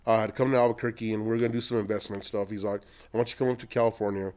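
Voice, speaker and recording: A middle-aged man, an entrepreneur, telling long animated anecdotes in a podcast interview and acting out what other people said. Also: on the low side, rapid-fire, clean tone. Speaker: entrepreneur guest.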